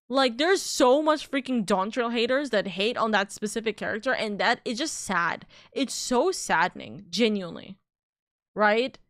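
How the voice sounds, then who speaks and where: High-pitched woman streamer venting, cusses a lot, trips over her words, dry close sound. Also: no echo. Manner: heated, swears freely, many restarts. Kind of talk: casual live-stream rant.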